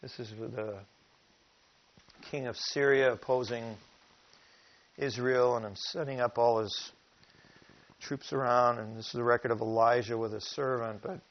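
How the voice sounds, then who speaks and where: A man preaching a sermon, unhurried and deliberate in his delivery. He reads scripture with emphasis and asks the listeners questions as he teaches. The recording is dull and lo-fi, with a middle-pitched voice. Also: fairly even intonation. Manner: reads verses slowly and with emphasis.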